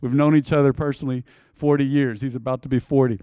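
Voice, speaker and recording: A pastor preaching a sermon, telling stories and calling on the congregation to repeat after him. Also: male voice, medium pitch, quick pace, smooth, dry recording, studio quality. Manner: animated, storytelling with congregation call-and-response.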